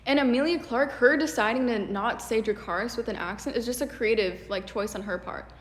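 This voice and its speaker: A woman's voice: on the high side, brisk. A woman giving a ranting video commentary, exasperated and sarcastic. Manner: exasperated, sarcastic, many "like" fillers. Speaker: video essayist. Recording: echoey room with long reverb.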